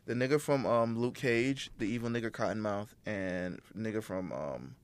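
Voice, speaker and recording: A man's voice: fairly low pitch, normal speed. A man co-hosting a casual podcast chat, giving rambling, profane opinions with lots of fillers.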